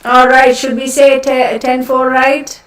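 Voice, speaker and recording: A woman's voice: high voice, monotone, measured pace, a bit bright, recorded from a distance. Chatty woman on a roomy live stream. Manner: chatty, laughs often, thanks viewers by name. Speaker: live stream host reading chat. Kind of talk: casual live stream chat. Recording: roomy, voice a bit off-mic.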